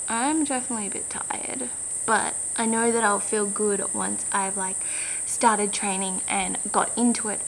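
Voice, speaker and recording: A young woman talks casually to camera, rambling with lots of fillers and often dropping to a half-whisper. Her voice has a gravelly creak, and insects buzz faintly behind her. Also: medium pitch, a little hiss or hum, rough recording. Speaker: vlogger. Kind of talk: casual vlog talk. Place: outdoors by a bush with cicadas. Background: insects and cicadas.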